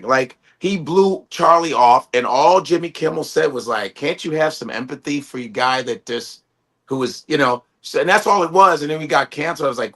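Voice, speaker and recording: A man, a stand-up comedian, telling stories animatedly on a video-call panel and slipping into quick impressions. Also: fairly high pitch, expressive, fairly bright tone. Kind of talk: casual panel chat.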